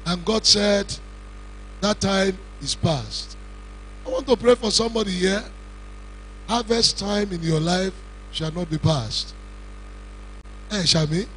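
A man with a Nigerian Yoruba-speaking accent preaching a funeral sermon in a cathedral, slow and emphatic, with shouted lines and questions he puts to the congregation. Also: sits high, a little hiss or hum, rough recording. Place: large cathedral.

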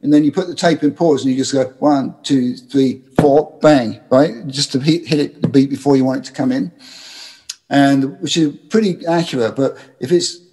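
A man with a husky, slightly rough voice tells long stories from his producing career. He talks loosely, with restarts, and slips into the voices of the people he quotes. His pitch sits in an ordinary middle range. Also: a little fast. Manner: animated anecdotes, acts out quoted voices. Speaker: music producer, guest. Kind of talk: casual interview storytelling.

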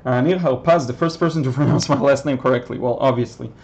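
A man's voice: medium pitch, fast talker, vocal fry, darkish tone. A man, a Hebrew speaker, chatting casually on a painting livestream and answering questions with many ums. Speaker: watercolor artist hosting a livestream. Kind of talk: casual live chat while painting.

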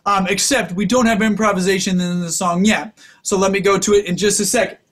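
Male music teacher for kids, very high-pitched, upbeat and instructive, speaks straight to the children. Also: fairly even intonation, a little fast, a bit bright. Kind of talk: kids' music lesson.

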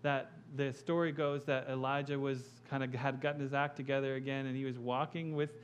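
A male pastor delivering an impassioned sermon, building to loud emphatic peaks and dropping quiet. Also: mid-range voice, flat delivery, a little fast, slight background noise.

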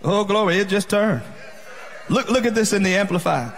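Man, pastor, exuberant shouting sermon, high voice. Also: lively intonation, moderate pace, some chatter behind. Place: church sanctuary.

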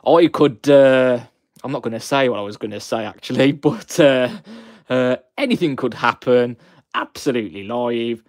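A young man with a broad Black Country accent hosts a live stream, greeting viewers one by one in a chatty, effusive way. His voice sits at an ordinary middle pitch. The sound is dry and close, with no room around it. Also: moderate pace, no room sound. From West Midlands, England.

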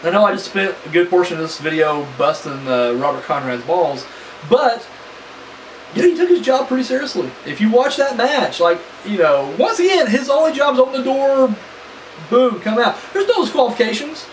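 A man reviews a wrestling match in a loose, rambling way, cursing often and leaning on fillers. His voice sits high and swings up and down with lively energy. He sounds a little far from the mic, with a faint hiss behind him. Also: moderate pace. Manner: animated, profane and rambling, full of fillers. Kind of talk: casual spoken review.

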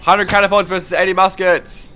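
A young man streaming a game, chatting casually, reading viewer comments aloud and breaking into excited exclamations. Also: high voice, fairly quick, over music. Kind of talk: live-stream gameplay commentary.

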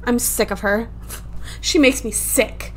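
A let's play gamer with a high voice talks through casual gameplay commentary at a slow pace, exasperated, swearing freely and breaking into laughter. She records at home on a desktop USB microphone.

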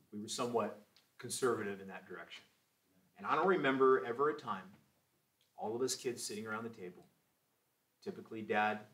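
Recorded from a distance, this forties-aged man has a fairly low, fairly bright voice. He leads a church Sunday school class in an emphatic, exhorting manner, weaving in testimony stories.

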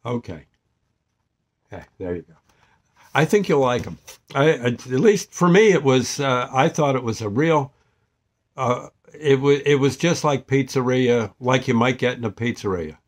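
An older man reviewing a store-bought pizza in a rambling, folksy, halting way with many restarts. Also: medium pitch, animated. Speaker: vlogger. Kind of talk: casual product review.

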